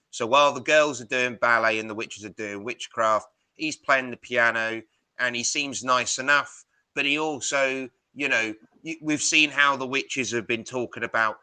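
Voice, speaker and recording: A man co-hosting a film podcast, rambling and animated as he retells scenes, with casual swearing. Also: medium pitch, measured pace, smooth, no room sound. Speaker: podcast co-host. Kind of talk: casual film-review chat.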